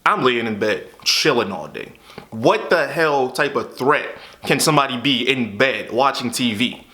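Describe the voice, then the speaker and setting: A man's voice: mid-range voice, animated, measured pace, pushed and bright. A young man in a candid, frustrated monologue to camera, venting about a hard stretch of his life. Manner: frustrated, exasperated storytelling with repeated "what the hell". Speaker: YouTube creator.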